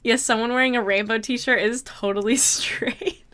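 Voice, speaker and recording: A woman streamer talks casually to her viewers, answering their messages as they come in. Her voice sits a little high and has a bright, sharp edge. She reacts loudly, with exclamations and laughter. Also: steady tone, moderate pace. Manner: reads viewer messages aloud and answers them. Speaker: livestreamer. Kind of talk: casual livestream chat.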